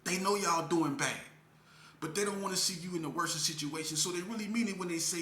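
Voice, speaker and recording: Pitched high and talking quickly, this man sounds pushed and bright, with slight background noise. In Las Vegas street speech, he pours his story out to parents with earnest emotion, leaning on repeated phrases for emphasis. The room echoes, and faint ambience lingers.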